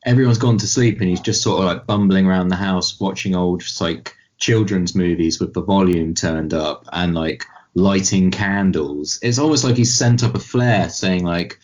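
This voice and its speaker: Low-voiced man, rambling film chat. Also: normal speed, few pauses. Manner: rambling, animated, mimics voices in quotes. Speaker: podcast co-host. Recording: dull lo-fi podcast mic.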